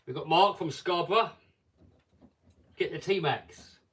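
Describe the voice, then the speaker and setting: A man's voice: on the high side, slow, a bit bright, recorded from a distance. Chatty man hosting a live stream. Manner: chatty, reads viewer comments aloud. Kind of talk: casual live stream chat.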